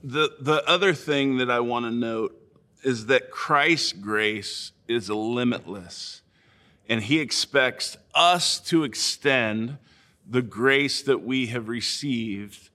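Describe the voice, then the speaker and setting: A man preaching a sermon as a pastor, speaking in a measured, earnest way with slow, deliberate phrasing. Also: medium pitch, sharp tone.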